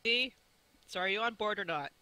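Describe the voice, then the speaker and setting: A man's voice: high voice, animated, normal speed, bright, forceful tone, clean tone, full character voice, poor audio. A man playing a blunt, pushy female detective gun mage who lays down the rules in a tabletop game. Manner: blunt, no-nonsense.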